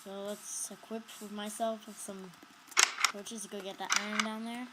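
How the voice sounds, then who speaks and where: A woman's voice: medium pitch, level tone, moderate pace. Woman, casual gameplay commentary, jumpy, shrieks when startled, noisy homemade recording. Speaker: gamer narrating her play.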